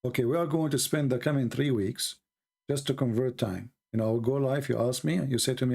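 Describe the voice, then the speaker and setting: Man, middle pitch, gravelly, rambling livestream host, animated. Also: fairly quick. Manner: animated, rambling, mocks people in put-on voices. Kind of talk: casual livestream chat.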